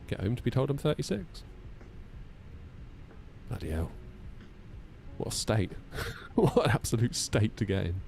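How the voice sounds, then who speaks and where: A man's voice: mid-range voice, very animated, a little slow, vocal fry, pauses often, a little mellow, slight background noise. A man in his thirties, chatting casually on a live stream while running through flight checklists, self-deprecating and talkative. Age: 30s.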